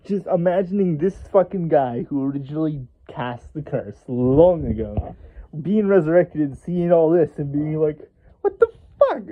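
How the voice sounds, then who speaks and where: A man rambling casually about the fictional world he made, with lots of restarts and an amused tone. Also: on the high side. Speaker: creator explaining his fictional world. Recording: thin phone-like audio.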